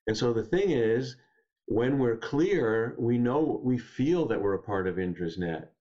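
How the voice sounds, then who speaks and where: A man speaking as a guest poet, telling stories and reading poems in a gentle, unhurried, reflective way. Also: medium pitch, expressive, lo-fi sound. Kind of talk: reflective storytelling and poetry reading.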